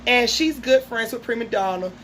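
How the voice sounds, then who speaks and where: A woman with a fairly high voice runs through a TV episode in casual, gossipy chat. She is full of fillers and asides. A faint background hum sits under her voice. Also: normal speed, fairly bright tone, poor audio. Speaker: reality TV recapper.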